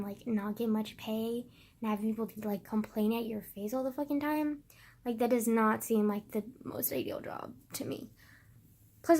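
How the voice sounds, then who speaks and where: A woman's voice: fairly high pitch, darkish tone. A young woman vlogging in a casual, rambling way, swearing often and sometimes dropping into a whisper.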